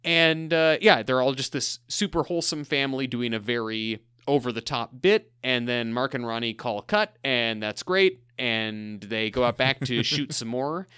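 A man's voice: mid-range voice, animated, moderate pace, few pauses, pushed and bright, clear, resonant tone, no room sound, clean studio sound. A man co-hosting a TV rewatch podcast, recapping scenes in a casual, wry and sarcastic way. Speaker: podcast co-host.

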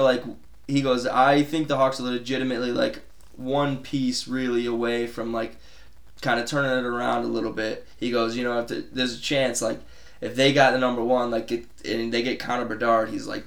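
A man's voice: medium pitch, fairly quick, creaky. A man co-hosting a podcast in a casual sports chat, telling stories with gusto, acting out quotes and swearing freely. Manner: animated storyteller, swears freely, acts out quotes. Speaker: podcast co-host. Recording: echoey room.

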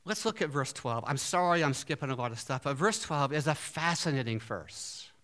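A man preaching a sermon in an animated way, often asking his listeners questions. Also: mid-range voice, moderate pace. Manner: animated, asks the audience questions.

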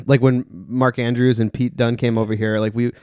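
A man chats in an easygoing way, full of filler words. His voice sits at an ordinary middle pitch. The recording is dry and close. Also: flat delivery, moderate pace, darkish tone, clean tone, dry recording. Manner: easygoing, laughs a lot, many fillers. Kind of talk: casual chat.

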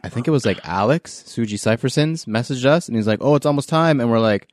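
A man's voice: mid-range voice, expressive, quick pace, darkish tone. A man hosting a casual podcast chat, loose and joking, laughing often. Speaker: podcast host.

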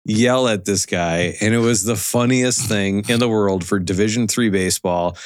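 A man's voice: lowish voice, moderate pace, clear, resonant tone, no room sound, clean studio sound. A man co-hosting, telling stories in a rambling, laughing way. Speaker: podcast co-host. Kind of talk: casual storytelling.

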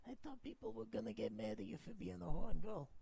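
A woman voicing an affectionate, worldly older woman who speaks in a folksy, doting way, with a husky, creaky voice. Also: low voice, sing-song, fairly quick, dark tone, dry recording, exaggerated voice. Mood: warm, doting. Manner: folksy, doting, calls others pet names. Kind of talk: tabletop role-play in character.

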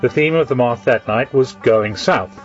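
A man's voice: medium pitch, normal speed, lo-fi sound, faint music behind. A man hosting a radio show, giving a dry, wry scripted introduction. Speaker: radio host.

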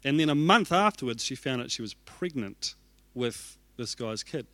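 A man's voice: mid-range voice, lively intonation, normal speed, fairly bright tone, no echo. A man, an executive pastor telling a self-deprecating story in a sermon and acting out his own reactions.

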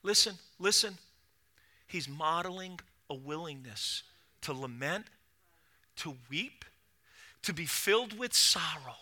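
A middle-aged man preaching a sermon as pastor, dropping to a hush and then rising to loud cries, with quick repeated restarts. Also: on the high side, animated. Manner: swings from hushed to loud preaching.

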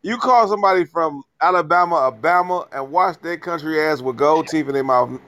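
A slightly high-voiced man on a podcast, telling a story with mock voices and laughs. He sits close to the mic in a dry room. The talk is loose and casual. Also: a little fast, fairly bright tone, no echo. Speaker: podcast co-host. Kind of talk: casual group chat.

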